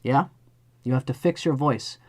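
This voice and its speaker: During a live astrology reading, this man addresses the person in front of him earnestly and directly, sometimes playing out little scenes. His voice is mid-range and moves at a moderate pace.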